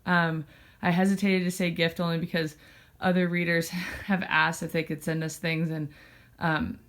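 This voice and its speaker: A woman's voice: lowish voice, flat delivery, normal speed, fairly bright tone. Chatty woman vlogging with her cats. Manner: chatty, rambling with many fillers. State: a little out of breath. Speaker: cat blog host. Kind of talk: casual vlog talking to her cats and viewers. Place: indoors at home.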